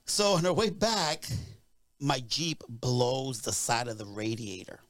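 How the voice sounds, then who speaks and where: Young guy rambling thru a story on a podcast, dry close mic, mid pitch. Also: slow, dry recording. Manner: rambling, animated storyteller with asides. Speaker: podcast co-host. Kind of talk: casual storytelling.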